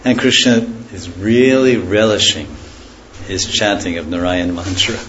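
A man teaching a devotional scripture lecture, unhurried and often stopping to correct himself. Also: low-pitched, fairly bright tone. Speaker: spiritual teacher. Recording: dull lo-fi recording with faint hiss.

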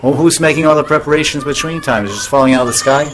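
A man's voice: fairly high pitch, racing, fairly bright tone. A man teaching as a spiritual teacher in a casual devotional talk, often chuckling, restarting sentences and acting out little scenes in voices. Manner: acts out voices in anecdotes.

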